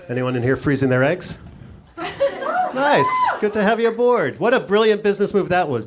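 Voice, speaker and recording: A middle-aged man doing a sarcastic stand-up set on a comedy club stage, talking into a handheld mic. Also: fairly high pitch. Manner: sarcastic, riffing. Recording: noisy live club recording.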